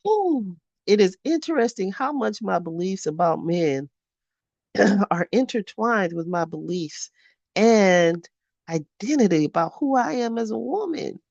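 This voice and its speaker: A woman's voice: medium pitch, lively intonation, a little slow, creaky, a little mellow, dry recording, dull audio. A woman in her fifties reading her own journal aloud in a candid vlog. She talks frankly, swears freely and often laughs at herself. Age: 50s. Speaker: vlogger.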